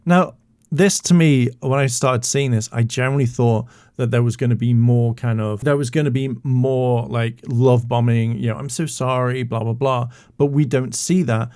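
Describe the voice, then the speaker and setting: A man's voice: medium pitch, fairly even intonation, moderate pace, mellow, clear, resonant tone, no room sound, clean studio sound. A man giving heated YouTube reaction commentary, blunt, profane and indignant.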